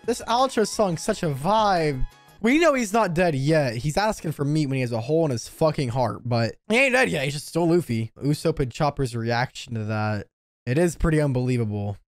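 A woman hosting an anime reaction channel, commenting live with excitable shouts, laughter, slang and lots of swearing. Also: deep voice, moderate pace, no room sound, faint music behind.

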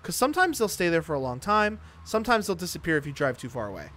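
A man's voice: on the high side, big pitch swings, fast, fairly bright tone. A man streaming a game live, chatting casually and joking in a mock-boastful way, speaking close to his microphone. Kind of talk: casual gameplay chat. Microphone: close to the mic.

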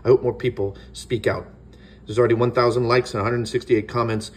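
A man's voice: lowish voice, fairly even intonation, moderate pace, a little mellow. A man from the United States giving impassioned political commentary as an online commentator, earnest and rousing, piling up repeated phrases.

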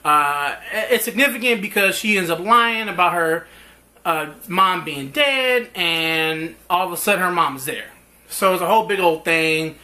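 A man's voice: high voice, measured pace. A man reviewing a TV drama episode in a casual recap, acting out characters' lines as he goes. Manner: animated, acts out characters' lines mid-recap. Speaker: TV show reviewer.

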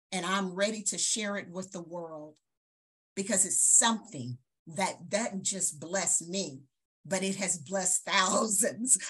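Woman in her 50s, live stream talk, bright and punchy, emphatic. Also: on the low side, husky. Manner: animated, emphatic speaker. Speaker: program host.

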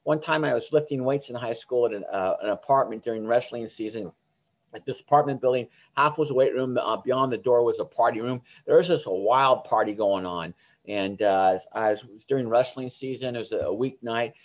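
A man's voice: mid-range voice, brisk. A middle-aged man giving an informal, earnest Bible lesson to teenagers, often checking in with "okay?" and restarting his phrases. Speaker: youth ministry teacher. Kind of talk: recorded Bible lesson for teens.

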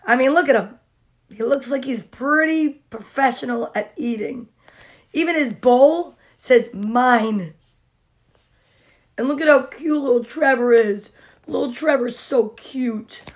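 A woman reads a children's picture book aloud in a high, unhurried voice. She breaks off for giggly, chatty asides to the kids. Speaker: comedian reading to children. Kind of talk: storybook read-aloud with asides.

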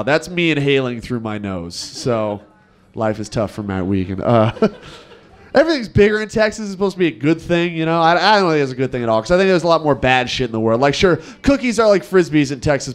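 A man's voice: medium pitch, fast, clean tone. A man in his twenties from Nevada, doing a wry, self-deprecating stand-up set on a club stage. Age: 20s. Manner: wry, self-deprecating, animated impressions of locals. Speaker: stand-up comedian.

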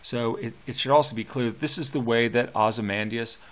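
A man lectures on a poem as a teacher, mid-pitched and unhurried. He talks in a halting way, with frequent fillers and restarts while he works through his notes. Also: fairly even intonation, a bit bright. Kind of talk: poetry lecture.

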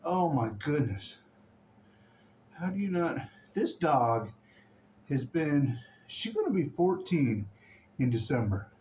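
A man gushes over his dog in a slow, doting baby-talk voice, his pitch swinging in a lively sing-song. He speaks in a fairly high register for a man. A faint noise sits under the home recording. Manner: doting, affectionate baby talk with frequent laughter. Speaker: dog owner filming his dog. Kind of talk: casual vlog, talking to his dog.

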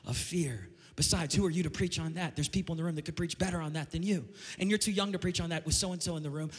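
A male pastor delivers a fiery sermon, rising again and again into shouted peaks. His voice sits high for a man. A long reverb from the church hall trails after every phrase. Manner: impassioned, building to shouted climaxes. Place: church sanctuary.

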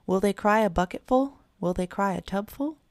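A woman's voice: medium pitch, moderate pace, darkish tone, no room sound, studio quality, close to an everyday voice. A woman voicing an old, lame mother cat who talks in sing-song rhymes. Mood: scolding. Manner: sing-song rhyming storyteller. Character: old gray female cat, lame and rhyming.

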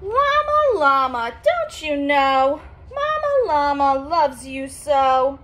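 A woman reads a children's storybook aloud, her voice very high and swooping through a wide, lively range. She takes her time, half-singing the rhymes. She stops now and then to explain words to young listeners like a patient teacher. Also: slow. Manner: sing-song, expressive, teacherly.

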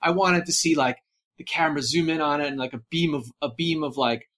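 A man talking casually on a podcast, rambling and animated, full of fillers and restarts. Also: on the high side, a little fast. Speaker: podcast guest. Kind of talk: casual movie discussion.

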